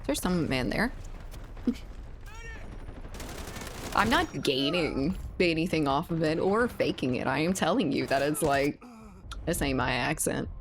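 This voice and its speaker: Cajun woman streamer, low voice, loose rambling chatter with casual swearing, faint game gunfire behind. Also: very animated, measured pace, pauses often, slight background noise. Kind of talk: casual chat while gaming.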